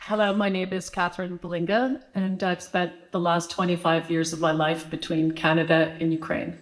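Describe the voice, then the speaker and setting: A woman's voice: lowish voice, flat delivery, moderate pace, echoey room, some chatter behind, poor audio. A woman in the audience asking an earnest, rambling question at a screening Q&A. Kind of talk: Q&A question from the floor.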